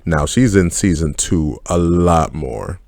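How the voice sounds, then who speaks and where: Slow and a little mellow, a low-pitched man reviews a TV series in a studio-quality recording with no echo. As a film and TV critic, he's blunt and candid, cursing freely and speaking his mind in a casual way.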